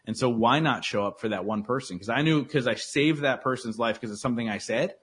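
Husky-voiced man, earnest motivational talker. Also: medium pitch, fairly quick, a bit bright. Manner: earnest, motivational, filler-heavy. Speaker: podcast guest. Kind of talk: casual interview talk.

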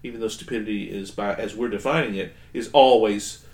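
A man co-hosting a casual podcast, speaking in a deliberate, measured way as he searches for the right words. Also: on the low side, darkish tone. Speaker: podcast co-host. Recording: roomy echo.

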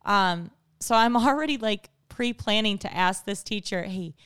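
A woman in her thirties, a mother, chatting casually and telling stories in an animated way as co-host. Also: medium pitch, normal speed, clean tone, dry recording, clean studio sound. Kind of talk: casual chat.

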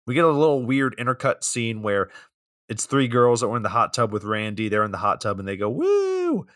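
Deadpan man recapping a movie plot. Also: fairly low pitch, fast talker, dry recording, studio quality. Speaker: podcast co-host recapping the plot.

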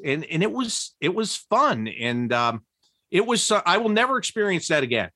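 A man telling old team stories in an interview, laughing often and jumping high in pitch when he quotes people. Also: moderate pace, no room sound, studio quality. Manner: animated, laughing storyteller with big pitch jumps when quoting. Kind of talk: storytelling interview.

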